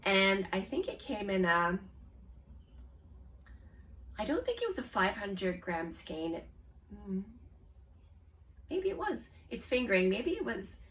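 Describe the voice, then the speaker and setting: A woman's voice: medium pitch, sing-song, slow, long pauses, fairly bright tone, recorded from a distance. A woman in her forties with a Canadian accent, hosting a knitting podcast in a casual show-and-tell chat, with lots of ums. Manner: chatty, with frequent ums and restarts.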